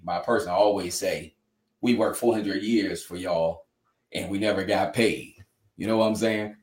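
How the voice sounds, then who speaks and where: A man with a slightly mellow voice on the low side speaks in an interview, giving earnest, conversational testimony. Heartfelt and preacher-like, he uses "you know" often, and the space around him echoes.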